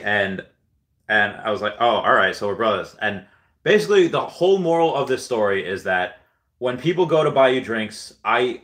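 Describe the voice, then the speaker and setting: A man's voice: lowish voice, bright, forceful tone. A young man casually chatting on a livestream, reading viewer comments and telling rambling, self-deprecating stories full of fillers. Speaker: livestream host.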